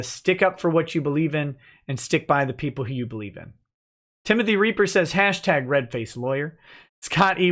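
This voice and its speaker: A man hosting a casual livestream who reads viewer comments aloud and answers them with dry, joking asides. His voice sits a little high for a man, and his talk is loose and easygoing, sprinkled with "uh". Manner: relaxed and joking, with frequent "uh" fillers. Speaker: lawyer and livestream host.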